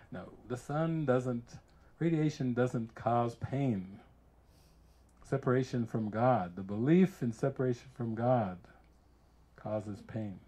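An American man, a spiritual teacher, giving an informal retreat talk full of lively personal stories, laughing often and acting out what others said. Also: medium pitch, husky. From United States. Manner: animated storyteller who laughs often and acts out quotes.

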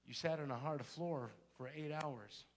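A man's voice: fairly high pitch, a little slow, slight background noise. A male pastor telling a story in a sermon and building to fervent exhortation. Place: church sanctuary.

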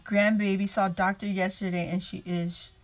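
A woman's voice: mid-range voice, little pitch movement, normal speed. A woman hosting a casual crafting livestream from home, chatting, laughing often and greeting viewers by name.

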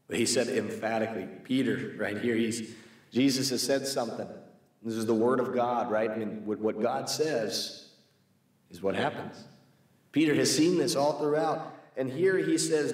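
A man's voice: on the low side, moderate pace. Guy leading a bible class at church, keeps asking the room questions, very echoey, mic sits far off. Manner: asks the class questions, reads scripture aloud. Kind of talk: conversational Bible class teaching.

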